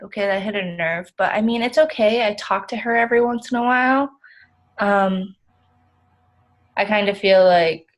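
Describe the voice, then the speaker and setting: A woman's voice: mid-range voice, lightly acted, rough recording. A young woman playing an overwhelmed, self-critical counseling client, rambling with many "like" fillers in a role-play.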